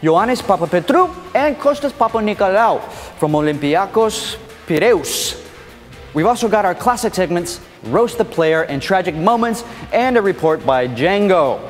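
A man's voice: high-pitched, lively intonation, normal speed, long reverb tail, soft background music. A man hosting a comedy show with a playful, theatrical, mock-indignant delivery. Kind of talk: comedic scripted presentation.

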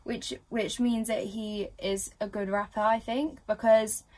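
A woman's voice: mid-range voice, little pitch movement, measured pace, darkish tone. A young woman giving casual, chatty reaction commentary at home, full of fillers and giggles. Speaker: reaction vlogger.

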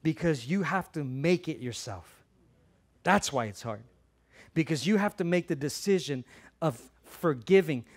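A man's voice: fairly high pitch, expressive, unhurried. Passionate preaching pastor, man. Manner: passionate preaching, swings from loud emphatic lines to quiet earnest ones; repeats phrases for emphasis. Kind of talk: sermon.

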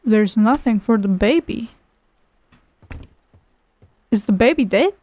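A woman's voice: a little high, animated, takes it slowly, a little mellow, dry recording. A woman streaming a horror game, swearing and mock-scolding, with a sing-song manner when she reads a storybook aloud. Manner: foul-mouthed, mock-angry, sarcastic. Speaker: gameplay streamer. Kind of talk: profane gameplay commentary.

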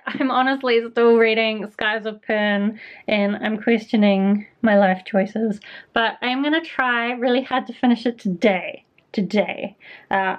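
A young woman with a New Zealand accent chatting casually about her reading week, self-deprecating and full of fillers. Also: fairly high pitch. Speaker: book vlogger. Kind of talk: casual vlog chat. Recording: slightly dull lo-fi sound.

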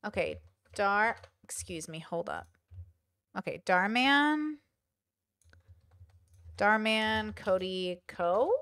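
A woman hosting her channel, chatting casually as she reacts to videos and reads out view counts with excited exclamations. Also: mid-range voice, takes it slowly, pauses often, clean tone.

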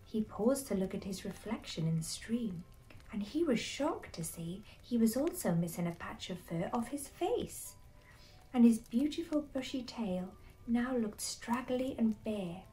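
A woman narrating a bedtime story in a soft, hushed, slow whisper. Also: medium pitch, far from the mic, rough recording.

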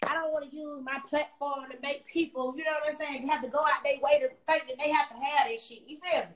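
Fast-talking high-voiced woman ranting. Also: fairly even intonation. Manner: blunt, profane, ranting. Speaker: livestream host. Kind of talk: casual livestream chat.

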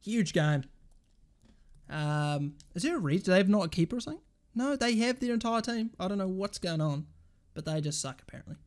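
A young man streaming a football video game, swearing constantly and switching between shouted outbursts and muttered grumbling at the match. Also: on the high side. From England. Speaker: gaming streamer. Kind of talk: live gameplay commentary.

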